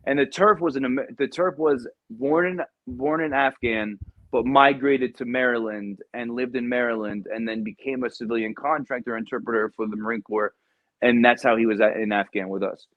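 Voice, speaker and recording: Casual storyteller, profane and rambling, dull dry lo-fi sound. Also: male voice, medium pitch, fairly even intonation, normal speed, no room sound. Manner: rambling, profane, many ums. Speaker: podcast guest, Marine veteran.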